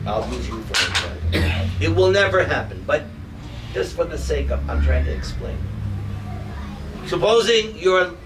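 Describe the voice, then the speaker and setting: Slow-talking man with a distant mic. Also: fairly high pitch. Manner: humorous, emotive storytelling. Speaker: devotional teacher. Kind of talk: spiritual class talk with storytelling. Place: hall in front of a live group. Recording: distant mic with noisy room ambience.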